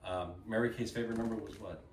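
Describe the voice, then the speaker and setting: A man in his fifties from Texas with a Texan accent, telling animated folksy stories and saying y'all to his audience. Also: on the low side, quick pace. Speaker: guest speaker. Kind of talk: casual storytelling talk. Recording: roomy, distant mic with faint noise.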